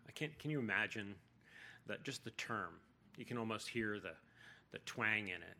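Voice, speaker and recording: A man's voice: fairly low pitch, moderate pace, creaky, bright, forceful tone. A man preaching a sermon in a conversational way, with jokey asides.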